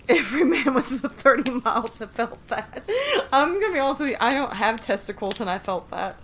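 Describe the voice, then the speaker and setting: A woman's voice: a little high, expressive, brisk, a bit bright, a little hiss or hum. A woman hosting a casual livestream. She chats and giggles with her viewers as she reads short horror stories aloud. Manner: chatty, giggly, talks to chat. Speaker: livestream host.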